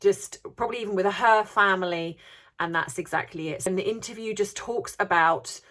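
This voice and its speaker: A woman's voice: medium pitch, moderate pace, a bit bright. A woman vlogger giving opinionated commentary, indignant and sarcastic, firing off rhetorical questions and repeating words for emphasis.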